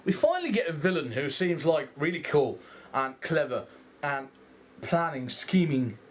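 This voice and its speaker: A man's voice: a little high, moderate pace. Rambling Dutch-accented man. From Netherlands. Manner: rambling, animated, swears freely. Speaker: vlogger. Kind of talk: casual movie review rant.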